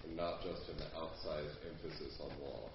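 A man's voice: a bass voice, little pitch movement, moderate pace, gravelly. A man in a class offering a thoughtful answer in a group discussion, with a loose, searching way of talking. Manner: thoughtful, talking with "like" and "you know". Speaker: class member. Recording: distant, very echoey and muffled, faint room noise.

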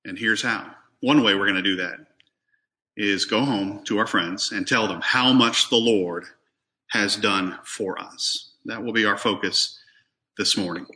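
A man's voice: fairly low pitch, sharp tone. A man preaching a sermon, reading scripture aloud and putting questions to the congregation, often repeating a word as he restarts.

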